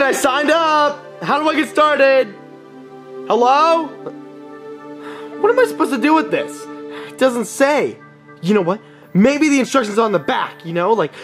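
A young man voicing a bratty, impatient young prince in a fan puppet video, with a whiny, complaining, animated manner. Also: very high voice.

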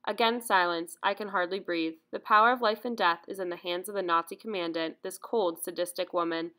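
A woman reading memoir narration aloud in a measured, earnest way. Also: fairly low pitch, fairly bright tone. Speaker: audiobook narrator.

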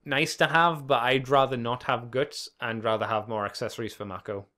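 Bright-toned guy rambling on a podcast, swears a lot, keeps chuckling. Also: medium pitch, steady tone, moderate pace. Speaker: podcast co-host. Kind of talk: casual chat.

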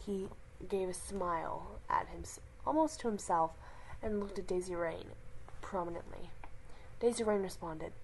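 A woman reading a roleplay story aloud, slow and halting with frequent restarts. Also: on the low side, steady tone, vocal fry, a little hiss or hum, poor audio.

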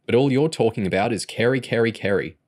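A man's voice: medium pitch, expressive, quick pace, darkish tone, voice pushed up, lightly acted. A man voicing a firm, matter-of-fact teenage boy in a storybook reading. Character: laid-back teenage boy, blunt and steady.

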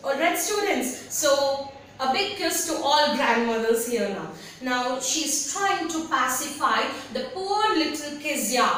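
A woman teaching a story lesson to students, patient and repetitive, pausing to have them underline words. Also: high voice, lively intonation, a bit bright, distant mic. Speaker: English teacher. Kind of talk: online class lesson explaining a story. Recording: very echoey room, away from mic, faint noise.

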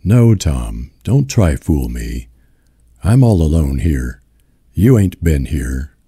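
A man's voice: rumbling low, sing-song, takes it slowly, dark tone, slightly rough, no room sound, clean studio sound, exaggerated voice. A man doing drunk despairing Uncle John. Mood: drunk, sullen.

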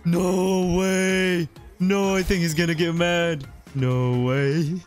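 A young man giving casual commentary over his own gameplay, excitable and laughing, repeating short phrases. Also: fairly high pitch, slow, faint music behind. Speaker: gaming youtuber.

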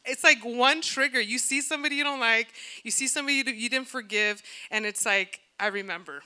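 A woman pastor giving a lively, conversational sermon, acting out little asides to the congregation. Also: on the high side, brisk, clear, resonant tone. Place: church.

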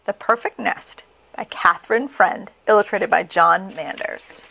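A woman reading a children's picture book aloud in a slow, expressive sing-song. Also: mid-range voice, gravelly. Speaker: storybook reader.

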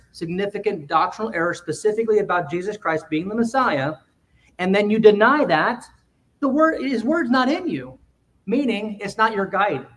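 A man's voice: high-pitched, recorded from a distance. A male pastor giving an explanatory sermon in a church, restarting phrases and putting questions to his congregation. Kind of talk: expository sermon. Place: church sanctuary.

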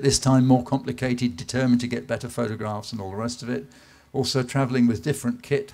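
A man from England with a lowish, gravelly voice gives a live slide talk. He tells it as loose anecdotes, unhurried, with plenty of "uh"s, and now and then his voice falls quiet. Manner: unhurried, anecdotal, with filler "uh"s and dips to a soft voice. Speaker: speaker at an art event. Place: event space in a garden venue.

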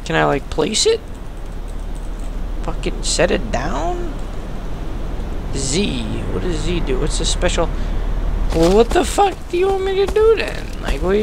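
A man's voice: on the high side, vocal fry. A man playing a horror game and commenting, swearing a lot and trash-talking the monsters. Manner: profane, trash-talking, jittery. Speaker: let's play gamer. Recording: noisy home recording.

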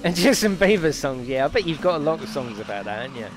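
A man's voice: a little high, big pitch swings, fast, noisy background. A man streaming a racing game, chatting and joking with viewers and swearing freely over game music. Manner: banters with chat, swears freely. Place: home gaming setup.

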